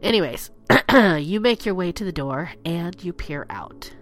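A woman's voice: expressive, unhurried, faint music behind. A woman hosting a spooky storytelling podcast, stuffy and congested from allergies, chatty and playful. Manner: chatty and playful, dramatic swells in pitch. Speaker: podcast host.

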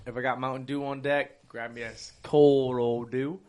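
A man's voice: medium pitch, level tone, normal speed, darkish tone. Profane, laughing casual man. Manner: loose, profane, laughing banter. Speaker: podcast co-host. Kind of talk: casual chat.

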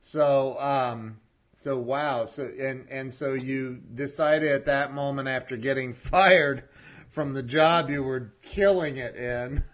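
Slow-talking easygoing host man. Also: mid-range voice, steady tone, a bit bright. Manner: easygoing, reacts with short interjections and laughs. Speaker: podcast host. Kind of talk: casual chat.

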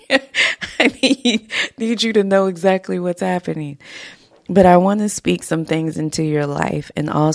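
A woman's voice: sits low, creaky, dry recording, studio quality. A woman hosting a podcast, speaking heartfelt and slightly emotional, laughing often as she talks. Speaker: podcast host. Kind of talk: casual motivational podcast talk. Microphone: podcast microphone in a home studio.

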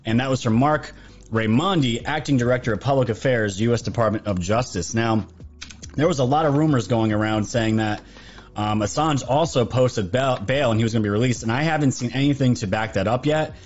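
A man's voice: medium pitch, a little fast, highs cut off. A man hosting an opinionated news commentary show, talking emphatically and repeating himself. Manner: emphatic and repetitive.

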